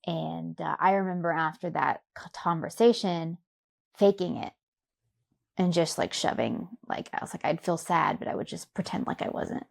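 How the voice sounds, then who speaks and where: Gravelly, soft-spoken woman from Louisiana. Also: low voice, normal speed. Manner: reflective, soft-spoken, many fillers. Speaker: podcast guest. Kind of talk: personal story in a conversational interview.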